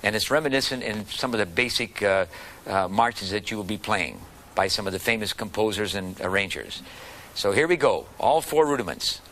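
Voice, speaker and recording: A man teaching a beginner drum lesson, calmly calling out stick strokes and explaining rudiments. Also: on the low side, normal speed, noisy background. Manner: calm, patient, counting and calling out strokes. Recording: drumming heard behind the voice. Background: snare drum rudiments played along.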